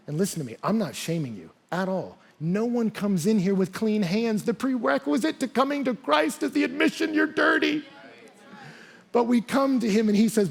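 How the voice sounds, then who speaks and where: A male pastor preaching in a church, his voice high for a man with a gravelly, slightly husky edge. He talks in a casual, conversational way and acts out quotes and asides. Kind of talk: sermon.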